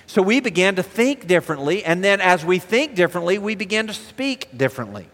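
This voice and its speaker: Animated high-voiced male preacher in a hall. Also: a little fast. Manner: animated preaching with rhetorical questions. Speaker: pastor. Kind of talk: sermon.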